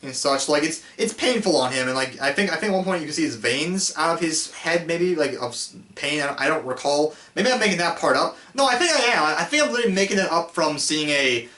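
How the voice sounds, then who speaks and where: A man talking through a casual film review, rambling, restarting his sentences and laughing now and then. His voice sits somewhat high. He sounds set back from the mic in a roomy, echoey space. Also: lively intonation, fast, few pauses, pushed and bright, far from the mic. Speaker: host reviewing films.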